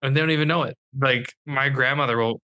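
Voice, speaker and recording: Jokey Minnesotan co-host, bright and forceful, easy casual banter. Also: male voice, mid-range voice, fast talker, lo-fi sound. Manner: jokey, playful. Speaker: podcast co-host. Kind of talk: casual chat.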